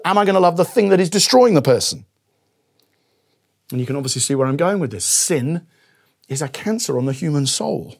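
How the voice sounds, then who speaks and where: A man preaching a sermon with earnest conviction, often quoting scripture and acting out imagined speakers in a hushed voice. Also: high-pitched. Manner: earnest, drops to a hushed voice for acted quotes.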